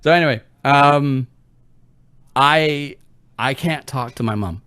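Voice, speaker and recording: A man hosting a podcast, telling a family story in a casual, animated way, swearing freely and acting out what his relatives said. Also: mid-range voice, takes it slowly, smooth, no echo, studio quality. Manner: swearing, animated, voices his mother and brother in quotes. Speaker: podcast host.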